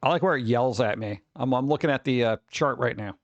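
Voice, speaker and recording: A man's voice: mid-range voice, brisk, dry recording, muffled recording. A man hosting a casual livestream, rambling, exclaiming and grumbling at his connection as he chats with viewers. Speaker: livestream host. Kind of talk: casual live-stream chat.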